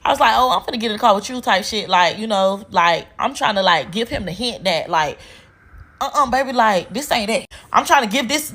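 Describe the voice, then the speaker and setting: This woman tells her story in a blunt, profane, exasperated way. Her voice sits a little high, and she talks casually, as if venting to friends. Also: fairly bright tone. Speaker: storyteller sharing a relationship story.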